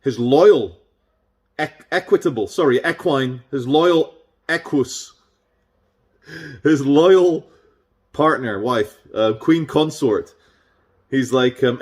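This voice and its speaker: A man's voice: medium pitch, slow, long pauses, a little mellow. A man vlogging in a casual, off-the-cuff monologue, with a sarcastic and irreverent manner. He rambles from point to point with restarts and asides, in an ordinary mid-range male voice.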